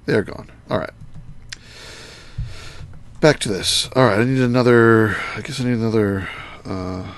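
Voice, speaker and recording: A man's voice: fairly low pitch, unhurried, gravelly, long pauses. A man thinking aloud as he plays a game on a live stream, muttering to himself and greeting his viewers.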